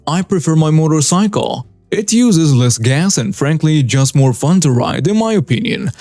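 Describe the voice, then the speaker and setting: A man reading reader-submitted stories aloud in an even, storytelling delivery as a channel narrator. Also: on the high side, no room sound.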